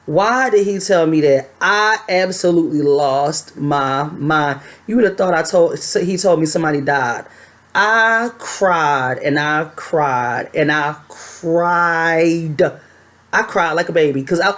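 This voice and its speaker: A young adult woman telling a personal story to her camera in a chatty, animated way. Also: low-pitched, moderate pace. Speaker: vlogger.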